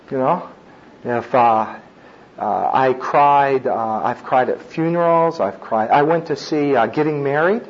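A man's voice: mid-range voice, dull audio. A middle-aged man giving a conversational sermon, with frequent asides and chuckles. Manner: conversational preaching with asides and laughs. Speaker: preacher. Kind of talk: sermon on child discipline.

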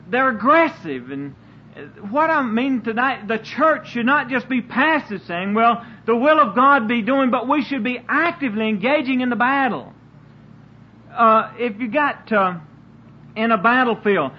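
A man preaching a sermon in an earnest way, often stumbling and repeating words as he searches for them. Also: extremely high pitch. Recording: dull lo-fi recording with faint hiss.

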